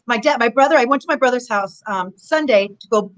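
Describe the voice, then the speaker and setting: A brisk, slightly high-voiced woman, middle-aged and from Southern California, talks about her days as a wrestler while guesting on a video-call interview. She's an animated storyteller who rambles in casual chat, and the recording is rough.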